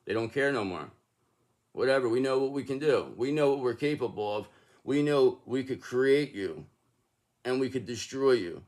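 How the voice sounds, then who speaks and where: A man's voice: mid-range voice, expressive, moderate pace, a little mellow. A man giving a casual, rambling tarot reading, talking emphatically with restarts and the odd curse word. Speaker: tarot reader.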